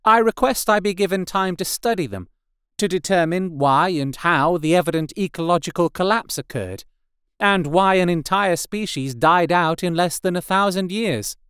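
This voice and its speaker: A man's voice: high-pitched, normal speed, a bit bright, smooth, no room sound, studio quality, voice pushed up. A man reading aloud who voices a formal, deferential woman explorer and scholar. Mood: earnest, formal. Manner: formal, precise.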